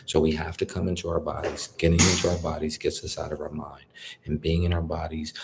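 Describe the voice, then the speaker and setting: A man's voice: a bass voice, flat delivery, a little fast, gravelly, heavy background noise. A man giving a casual spiritual talk, conversational and repetitive, often checking in with "you feel me". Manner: conversational, repeats "you feel me", colloquial grammar. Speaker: spiritual speaker.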